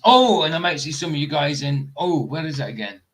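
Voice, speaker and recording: A man's voice: on the high side, very animated, brisk, crowd noise. A man hosting a livestream in casual chat, joking, laughing often and losing track of his sentences. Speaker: livestream host.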